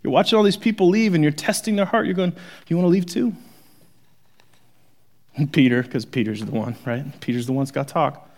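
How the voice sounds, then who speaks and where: A man preaching a sermon, shifting from hushed, intimate moments to forceful, rising emphasis. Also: fairly high pitch, fast. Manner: dramatic, swings from hushed to forceful. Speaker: pastor.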